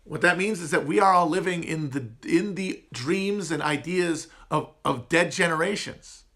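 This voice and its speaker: A man's voice: a little high, normal speed, a bit bright. A man with a nasal upper Midwest American accent, hosting a casual livestream chat and rambling through audience questions in a self-mocking way. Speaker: podcast host answering chat.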